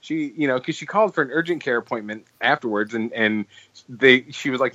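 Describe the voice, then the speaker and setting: A young adult man co-hosting a podcast, telling a story in a lively casual chat and swearing freely. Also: medium pitch, fairly quick, highs cut off. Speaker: podcast co-host.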